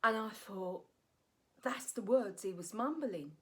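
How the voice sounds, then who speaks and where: A stand-up comic and actress tells a candid personal story straight into her phone camera, blunt and animated, frequently ending lines with "right?" Her voice is mid-range and she takes it slowly.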